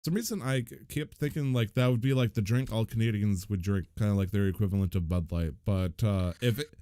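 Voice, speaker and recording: A man's voice: lowish voice, brisk, dark tone, clear, resonant tone, no echo, studio quality. A man hosting a casual podcast, joking and laughing as he chats with his co-hosts. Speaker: host.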